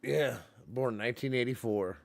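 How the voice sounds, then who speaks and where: A man's voice: mid-range voice, normal speed, creaky, background noise. A man hosting a casual stream, talking bluntly with lots of swearing and laughing. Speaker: stream host. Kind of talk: casual profane chat.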